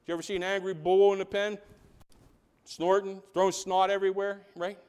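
Speaking briskly in a high, clean-toned voice, a male pastor delivers an animated sermon. He poses rhetorical questions to the congregation and now and then drops into hushed asides.

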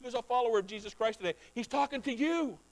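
A man preaching a sermon as pastor, talking straight to his congregation and swinging between low, quiet passages and loud, climbing ones. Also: fast talker, gravelly, low-quality recording. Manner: talks directly to the congregation.

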